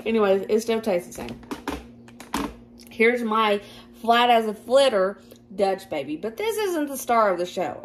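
A woman with a Southern American accent chatting casually through a cooking demonstration in her home kitchen. She is self-deprecating and quick to laugh. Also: mid-range voice, slight background noise. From Southern United States. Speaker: cooking vlogger.

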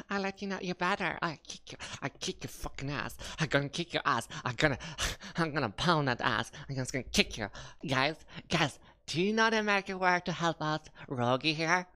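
A woman's voice: low voice, very animated, normal speed, sharp tone. A woman streaming a game with playful, giggly commentary, now and then shrieking and putting on silly voices for the characters. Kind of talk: casual gameplay commentary.

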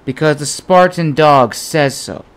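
Dude reading young spartan fighter, earnest and stubborn, audiobook. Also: male voice, on the high side, a little slow, fairly bright tone. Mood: firm. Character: young brave Spartan warrior, determined.

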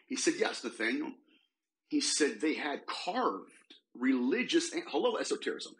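Male demonologist guest, animated storyteller, lively pitch, acts out the quotes. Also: normal speed, poor audio. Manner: animated, retells a case with quoted voices. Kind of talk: storytelling in a podcast interview.

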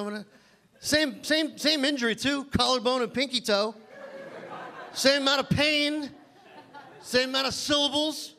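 A man's voice: very high voice, normal speed, pauses often, bright, forceful tone. A man doing a stand-up set on a comedy club stage, telling rambling, self-mocking stories that he keeps stumbling through.

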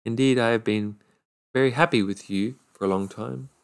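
A man's voice: mid-range voice, moderate pace, vocal fry, smooth, natural voice. A man voicing a dutiful, homesick young fisherman in a storybook reading, speaking earnestly and politely.

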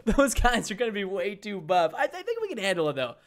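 A young man hosting a live game stream, talking energetically and bursting into shouts when the action heats up. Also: high voice, fast. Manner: energetic, excitable, bursts into shouting during fights. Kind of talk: excited live stream commentary.

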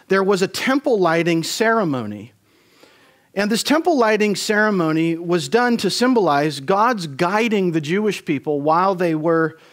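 A man preaching a Christmas Eve sermon in a church, measured and deliberate, slowing down to stress key phrases. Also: sits high. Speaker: pastor. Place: church sanctuary.

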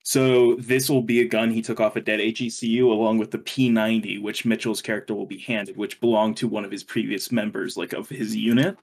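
A man's voice: fairly low pitch, little pitch movement, brisk, few pauses. Young male co-host, loose and rambling, curses casually, frequent laughs. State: hiccuping. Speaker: podcast co-host. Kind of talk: casual gaming chat.

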